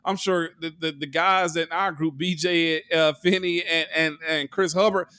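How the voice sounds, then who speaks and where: Emphatic, higher-voiced former lineman co-host. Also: steady tone, moderate pace, bright, forceful tone, smooth, dry recording, studio quality. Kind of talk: casual sports chat.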